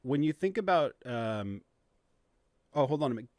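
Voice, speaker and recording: A man's voice: medium pitch, lively intonation, moderate pace, a little mellow, no echo, clean studio sound. Livestream host, a man with a mid-range voice who muses aloud and hesitates often. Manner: hesitant, thinking aloud with many ums. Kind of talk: casual chat on a livestream.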